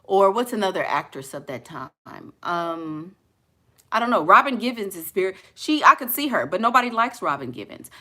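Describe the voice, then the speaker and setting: Brief: bright-voiced woman vlogger, blunt and sassy, casual chat to viewers. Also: medium pitch, sing-song, normal speed. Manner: blunt and sassy, slangy asides. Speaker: vlogger answering viewer questions.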